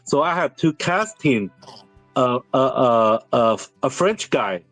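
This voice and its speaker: A man in his fifties whose first language is Mandarin, a series director telling personal stories in halting English with many restarts. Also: mid-range voice, animated, a bit bright, dry recording, soft background music. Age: 50s. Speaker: series director, interview guest. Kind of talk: candid interview storytelling.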